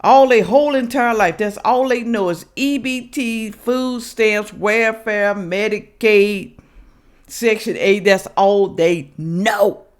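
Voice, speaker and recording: A woman's voice: mid-range voice, takes it slowly. A woman hosting a reaction vlog, preaching emphatically to viewers and sniffly from sinus trouble. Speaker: reaction channel host. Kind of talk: casual direct-to-camera commentary.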